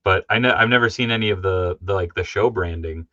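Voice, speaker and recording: A man hosting a livestream, chatting casually about toys in a rambling, excitable way and laughing often. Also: deep voice, brisk, dry recording. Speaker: livestream host. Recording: dull lo-fi stream audio.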